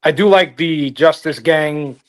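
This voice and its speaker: Enthusiastic man with a higher voice. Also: a little slow. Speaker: podcast co-host. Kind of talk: casual chat.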